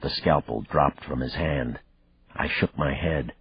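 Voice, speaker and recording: A man narrating a thriller audiobook in the first person, measured and even, in a dull, dry recording. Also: very deep voice, husky, no room sound.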